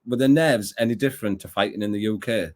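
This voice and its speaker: Guy asking a fighter questions, kinda low voice, lots of yeah yeah. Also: fast talker. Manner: short agreeing replies and questions. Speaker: interviewer. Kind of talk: casual interview chat.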